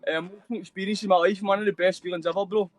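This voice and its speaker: Fast-talking, sweary Scottish man. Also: sits high, steady tone, no room sound. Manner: rambling, heavy swearing, constant "mate" and "know what I mean". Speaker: guest. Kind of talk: casual storytelling on a live show.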